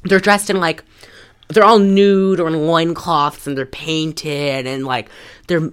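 Low-voiced woman chatting on a podcast. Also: fairly even intonation, takes it slowly, clear, resonant tone. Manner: rambling, lots of fillers and laughter. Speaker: podcast co-host. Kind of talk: casual chat recapping a movie.

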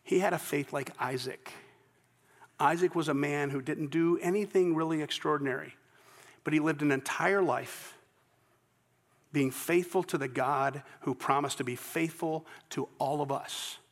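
Man, Southern US accent, pastor, sermon, earnest storytelling, high voice, long hall reverb. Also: measured pace. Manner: storytelling, earnest, with false starts.

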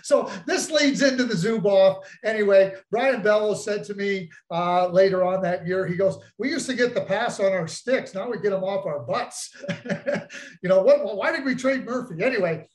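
A man co-hosting a podcast, telling stories in a teasing, animated way. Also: high voice, normal speed, roomy sound, poor audio. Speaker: podcast co-host, former hockey executive. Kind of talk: casual storytelling chat.

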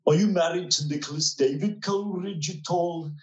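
A man doing a brisk hospital office caller, formal and matter-of-fact, pitched a little above his own voice. The sound is roomy and echoey. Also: a little mellow, distant mic, lo-fi sound, natural voice.

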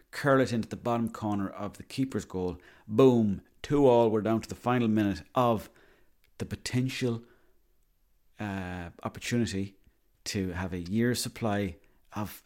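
A man's voice: on the low side, darkish tone. A man telling a rambling, boastful comic monologue, swearing freely.

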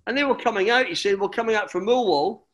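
A former footballer, now middle-aged, tells a long story as an interview guest in a slightly high voice at a quick pace. Relaxed and chatty, he rambles, restarts sentences and calls the listener "mate."

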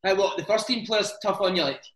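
A man interviewing a former footballer, chatty and bantering with quick follow-up questions. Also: sits high, fairly bright tone, reverberant, rough recording. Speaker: podcast interviewer. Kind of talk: casual interview chat.

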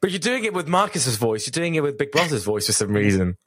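A man's voice: medium pitch, big pitch swings, fast, a bit bright, breathy edge, no room sound, studio quality. A man hosting a casual podcast, playful and teasing with his co-hosts. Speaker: podcast host.

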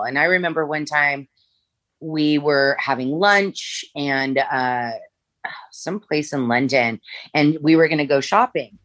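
A woman's voice: low-pitched, fairly bright tone, dry recording. A woman guest in an interview, telling long stories in a rambling way with many fillers and restarts. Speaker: former makeup artist, guest. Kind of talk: storytelling interview.

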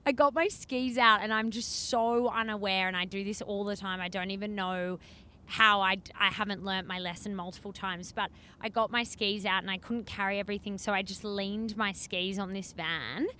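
A woman's voice: mid-range voice, steady tone, moderate pace, sharp tone, clear, resonant tone. A young woman, co-hosting a casual chat, telling stories against herself and swearing casually. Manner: self-deprecating storyteller, swears casually. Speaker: podcast co-host. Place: inside a car. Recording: car recording with road noise.

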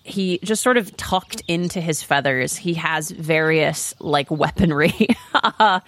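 A woman's voice: low-pitched, takes it slowly, a bit bright. A woman playing a tabletop game, chatty and giggly as she describes her character. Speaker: player.

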